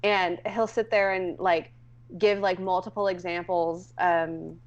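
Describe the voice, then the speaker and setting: A woman's voice: fairly low pitch, fairly even intonation, unhurried. Rambling woman on a dull lo-fi mic. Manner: rambling, filler-heavy storytelling. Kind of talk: casual chat.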